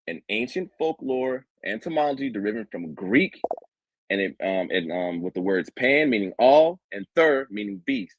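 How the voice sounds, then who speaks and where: Husky mocking man debating. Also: mid-range voice, no room sound, poor audio. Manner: mocking, lecturing. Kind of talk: heated online debate.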